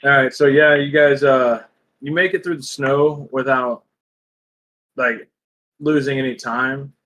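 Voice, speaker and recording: A man's voice: mid-range voice, fairly even intonation, measured pace, pushed and bright, poor audio. A man running a tabletop game as game master, talking loosely and rambling, with casual swearing.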